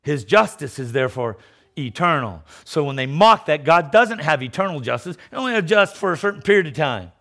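A middle-aged man preaching a sermon, emphatic, swinging between loud declarations and low mocking asides, often repeating words as he restarts. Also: lively intonation, fairly quick.

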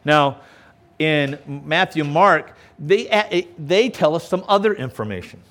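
A pastor preaching a sermon outdoors by a lakeshore, emphatic and often checking in with the listeners. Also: male voice, fairly high pitch, lively intonation, takes it slowly, a bit bright. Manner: emphatic, keeps checking in with "okay?".

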